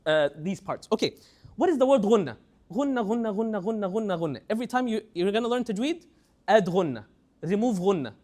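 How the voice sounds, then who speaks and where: A young man with a high voice teaches a tajweed class in a lively lecture style. He repeats words often and breaks off to chant slow example phrases.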